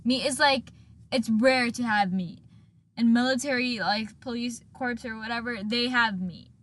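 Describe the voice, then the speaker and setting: A woman's voice: fairly high pitch, a little slow, fairly bright tone. A woman co-hosting a casual anime recap podcast, rambling through the plot with lots of fillers and quoted lines, recorded in a parking lot. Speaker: podcast co-host. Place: parked car or workplace parking lot.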